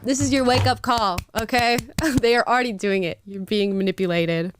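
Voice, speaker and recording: A woman's voice: medium pitch, fairly quick, few pauses, clear, resonant tone. A woman hosting a casual livestream, reading viewer comments aloud with sarcastic asides and frequent laughter. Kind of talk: casual live chat.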